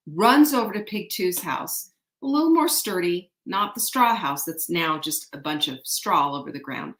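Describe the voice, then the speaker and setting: A woman hosting a show, retelling an old folk tale in an animated, chatty way and often asking the audience to guess what happens next. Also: mid-range voice, moderate pace. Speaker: show host. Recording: echoey room.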